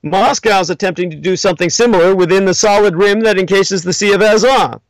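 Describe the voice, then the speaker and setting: A man hosting a livestream, lecturing in a monologue with emphatic, theatrical swings in pitch, spelling out names as he goes. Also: fast, no room sound, rough recording. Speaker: livestream host.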